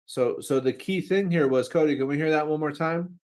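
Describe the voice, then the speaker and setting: A man's voice: fairly high pitch, brisk, a little mellow. A man coaching callers over a video call, emphatic and checking in with "right?" as he talks. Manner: emphatic, keeps asking right?. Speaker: sales coach. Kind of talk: coaching talk. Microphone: video call mic.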